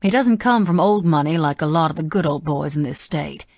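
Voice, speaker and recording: Narrator's middle-aged Southern housekeeper, frank, low gravelly voice. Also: female voice, lively intonation, brisk, darkish tone, no room sound, clean studio sound. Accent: slight Southern US.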